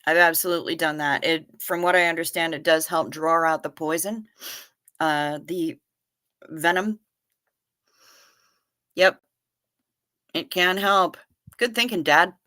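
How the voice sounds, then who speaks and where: A woman's voice: low-pitched, a little slow, long pauses, bright, forceful tone. A woman hosting a livestream in a folksy, chatty way, greeting viewers by name and calling them honey. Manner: hums and sings little doo-doo fillers. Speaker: livestream host. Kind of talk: casual chat reading viewer comments.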